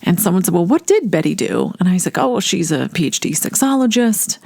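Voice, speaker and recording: A woman casually telling a personal story, animated and acting out the voices of people she quotes. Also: lowish voice, fairly quick, gravelly, no room sound, clean studio sound. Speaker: storyteller recounting a personal memory.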